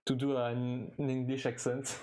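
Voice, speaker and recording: A man's voice: mid-range voice, flat delivery, a little mellow. French-accented young man chatting on stream. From France. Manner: halting, with frequent restarts and fillers, chuckling now and then. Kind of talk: casual live-stream chat while gaming.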